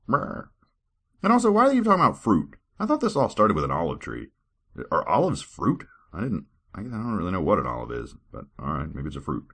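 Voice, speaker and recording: A man's voice: a bass voice, sing-song, a little fast, vocal fry, fairly bright tone, slightly rough. A man hosting a podcast, reading scripture aloud and mocking it with sarcastic asides, stumbling over archaic words. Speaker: podcast host.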